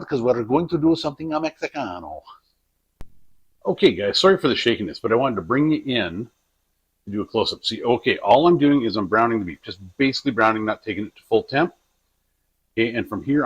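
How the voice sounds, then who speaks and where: Man, husky voice, chatty and jokey, home kitchen, camera on a tripod. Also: medium pitch, dull audio. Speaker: home cooking vlogger. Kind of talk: casual cooking vlog chat.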